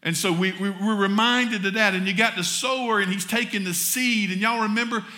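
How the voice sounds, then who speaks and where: A man's voice: sits high, fairly even intonation, a little fast, pushed and bright. A man with a Southern US accent preaching a sermon from the pulpit, folksy and talking straight to the congregation. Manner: folksy, addresses congregation as y'all. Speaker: pastor. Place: church sanctuary.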